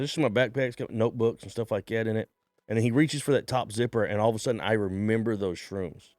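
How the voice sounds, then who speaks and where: Animated storytelling man, dry close sound. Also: mid-range voice, no echo. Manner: animated storyteller, acts out voices, swears freely. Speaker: stand-up comedian guest. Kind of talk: casual storytelling.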